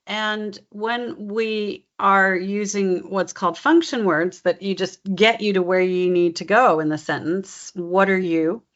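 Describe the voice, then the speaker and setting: A woman's voice: mid-range voice, a little slow, hardly any pauses. Patient woman dialect coach. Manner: patient, explanatory, demonstrates phrases aloud. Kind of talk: coaching session. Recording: slightly dull lo-fi recording.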